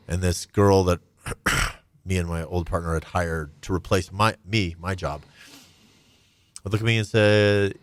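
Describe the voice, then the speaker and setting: A middle-aged man telling his own story candidly and reflectively, his voice often trailing off soft and low. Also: no room sound. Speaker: guest.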